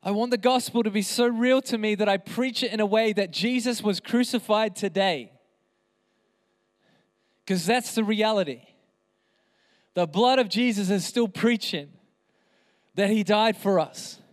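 A man's voice: high voice, a little slow, pauses often. Guy pastor preaching hard, repeats his lines, echoey church hall. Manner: impassioned, emphatic, repeats phrases. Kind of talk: sermon. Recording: reverberant hall.

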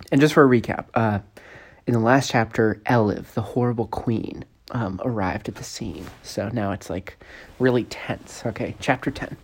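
A man's voice: medium pitch, measured pace, creaky, darkish tone, husky. A man reading his own novel aloud, casual and joking, with chatty asides full of fillers. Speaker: author reading his book.

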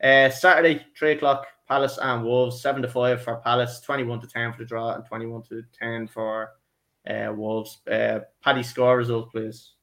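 A man with a voice hosts a loose football podcast, cracking jokes and keeping the chat moving with his mates. His pitch sits in the middle and his manner is casual and laddish. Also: level tone, moderate pace, gravelly, a bit bright. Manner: laddish, jokey, addresses co-hosts as lads. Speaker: podcast host.

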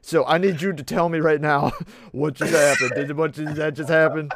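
A man's voice: on the high side, fairly even intonation, normal speed, creaky, background noise. A man hosting a casual podcast chat, joking and asking questions.

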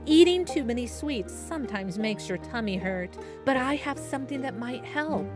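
A woman's voice: a little high, moderate pace, over music, pitched above the performer's own voice, close to an everyday voice. A woman voicing a brave, kind young village boy in a children's story. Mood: gentle. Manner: excited shouting, then gentle.

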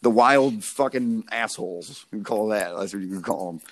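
A man's voice: lowish voice, normal speed, a little hiss or hum. A young man talks loosely in a casual podcast chat, wandering through stories. His speech is packed with fillers and swearing, and he laughs at his own jokes as he goes. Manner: rambling, profane storytelling full of fillers. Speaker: podcast co-host.

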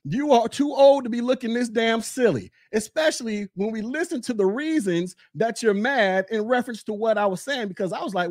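High-pitched man ranting into a dry mic. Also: fairly quick, hardly any pauses, a little mellow, no echo. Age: 40s. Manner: mocking, heated, repeats taunts. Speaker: podcast host. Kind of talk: casual commentary rant.

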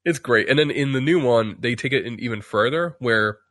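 A man's voice: mid-range voice, brisk, a bit bright, no room sound. A man chatting casually on a podcast, rambling with many restarts and fillers while acting out quotes. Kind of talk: casual chat.

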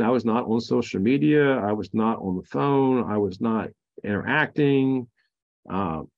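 A man's voice: on the low side, darkish tone, highs cut off. A man, a Marine veteran guest on a podcast, telling his own story frankly, with many fillers and restarts. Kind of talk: candid personal storytelling.

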